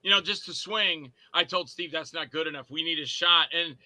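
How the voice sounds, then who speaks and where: A man guests on a casual podcast and tells story after story, slipping into the voices of the people he quotes. His voice sits high and rings very bright and sharp. The sound is dry and close. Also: moderate pace, no echo, poor audio. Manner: animated anecdotes, acting out quoted voices.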